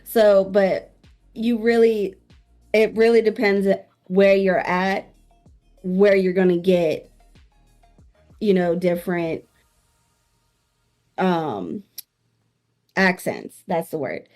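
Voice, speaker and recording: A woman's voice: medium pitch, slow pace, long pauses, darkish tone, faint music behind. A young woman from New Orleans, a streamer guest, talking frankly and casually in an interview. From New Orleans, Louisiana. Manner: candid, frank, laid-back.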